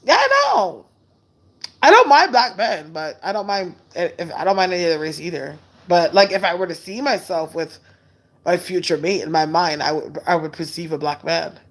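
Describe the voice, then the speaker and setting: A woman hosting a casual live stream, chatting loosely and candidly while answering viewer comments in a relaxed way. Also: on the low side. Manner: relaxed and unhurried. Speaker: livestream host.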